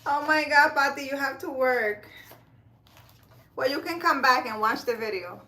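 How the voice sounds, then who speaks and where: A woman's voice: high voice, normal speed, sharp tone. A woman running a casual live stream, reading cards and chatting with viewers by name, laughing often. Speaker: live-stream card reader.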